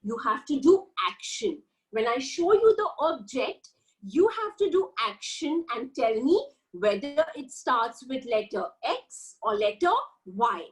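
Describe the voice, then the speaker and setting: A woman's voice: sits high, very animated, unhurried, rough recording. A woman teaching a lesson to young children, drawing out sounds in a sing-song, coaxing way. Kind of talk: online kindergarten lesson.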